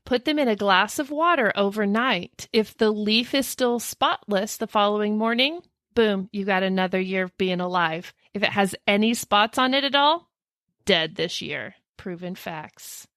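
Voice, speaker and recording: A woman's voice: mid-range voice, normal speed, no echo, studio quality. A woman co-hosting a podcast, telling spooky history in a casual, jokey way with frequent laughter. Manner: animated, laughs often, jokey asides. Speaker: podcast co-host. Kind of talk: casual storytelling chat.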